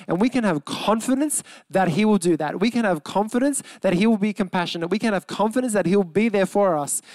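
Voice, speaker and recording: A young adult man with an Australian accent, preaching a sermon in an earnest, emphatic way, slowing and softening on key words. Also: high voice, no room sound. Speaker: pastor.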